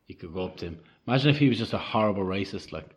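A man's voice: fairly low pitch, animated, very fast. A young man in casual chat who jokes and slips into acting out little scenes. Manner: jokey, acts out little voices. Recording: dull lo-fi recording.

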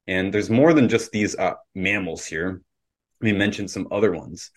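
A man's voice: deep voice, normal speed. A man from Canada hosting a casual podcast discussion, opinionated and lecturing in tone. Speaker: podcast host.

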